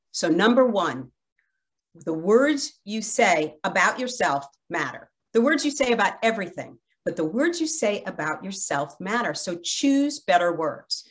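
A woman author as a podcast guest, giving upbeat, instructive advice and counting off her steps. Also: lowish voice. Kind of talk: advice in an interview.

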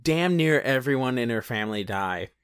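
A man's voice: mid-range voice, animated, normal speed, fairly bright tone, clear, resonant tone, no room sound. Casual man in a dry, close recording. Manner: rambling, swears freely, laughs often. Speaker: podcast co-host. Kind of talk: casual chat recapping a film.

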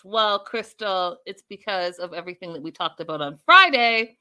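Bright-voiced, chatty woman host. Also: medium pitch, expressive, moderate pace, hardly any pauses, clear, resonant tone. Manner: chatty, addresses viewers directly. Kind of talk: live reality-show recap chat.

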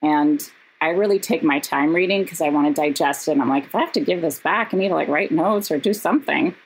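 A woman, a podcast guest and actress, telling stories in casual chat, animated and laughing, with quick asides. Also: low-pitched, husky, low-quality recording. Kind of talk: casual storytelling.

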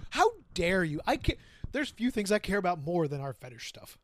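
A man's voice: high-pitched, big pitch swings, normal speed, no echo. Joking man co-hosting a podcast. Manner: joking, teasing, swears freely. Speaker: podcast co-host. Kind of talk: casual chat.

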